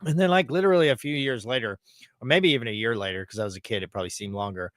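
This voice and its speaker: A man's voice: lowish voice, very fast, fairly bright tone, no room sound, studio quality. A man hosting a livestream, chatting casually between clips in a loose, rambling, profane way. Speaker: livestream host. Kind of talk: casual chat.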